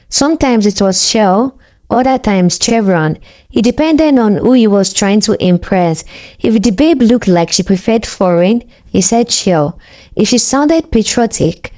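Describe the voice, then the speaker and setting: Brief: woman storyteller, scripted narration, warm mellow tone, middle pitch.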